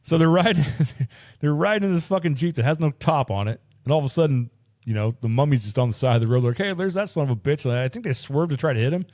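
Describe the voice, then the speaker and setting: A man hosting a podcast, casually retelling a movie as an animated, profane storyteller. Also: mid-range voice, quick pace. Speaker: podcast host.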